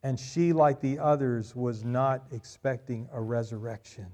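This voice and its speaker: A male pastor preaching a sermon, swelling loud on key phrases and dropping quiet after them. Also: mid-range voice, measured pace.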